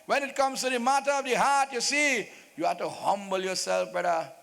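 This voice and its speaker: A man's voice: high voice, steady tone, a little fast, vocal fry, fairly bright tone, long reverb tail. A man narrating a religious folk play live, with playful, joking asides. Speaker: stage narrator.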